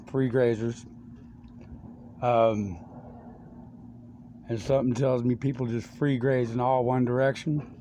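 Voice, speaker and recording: A man's voice: mid-range voice, darkish tone. A man talking in a rambling personal monologue to a friend, meandering from topic to topic with many fillers. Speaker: speaker addressing a friend. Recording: clear background noise.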